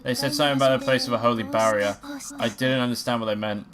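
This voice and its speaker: A woman's voice: very deep voice, steady tone, fast talker, crowd noise. A woman voicing a cheerful young woman while reading game dialogue aloud, speaking lightly and matter-of-factly. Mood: calm.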